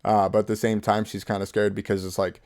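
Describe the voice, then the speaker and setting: Gravelly young male vlogger, relaxed and chatty, laughs often. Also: fairly low pitch, fast. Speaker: YouTube host. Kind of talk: casual commentary reading texts.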